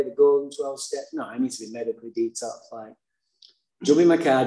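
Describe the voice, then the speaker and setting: Man, mellow-voiced, blunt and profane storyteller with dark humor, echoey room. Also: mid-range voice, slight background noise. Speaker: speaker sharing his recovery story. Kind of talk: candid personal storytelling. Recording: roomy echo.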